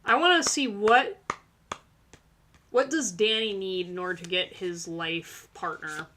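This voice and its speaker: Woman, tarot reader host, chatty and encouraging, bright voice. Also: mid-range voice, measured pace, a little hiss or hum. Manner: chatty, filler-heavy, encouraging. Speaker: tarot reader hosting a live stream. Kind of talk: casual live-stream tarot reading.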